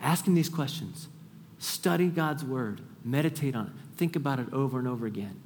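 A man preaching a sermon as a pastor, earnest, climbing high and urgent when he presses a point and dropping to a hush when he voices a prayer. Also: lively intonation, fairly quick, a little hiss or hum. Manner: drops to a soft hush when voicing a prayer. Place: church sanctuary. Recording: long hall reverb.

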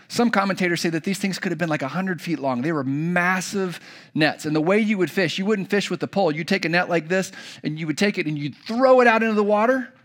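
A man's voice: a little high, fairly bright tone. A young adult man preaching a sermon to kids, telling a story and acting out the characters' lines. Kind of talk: children's sermon.

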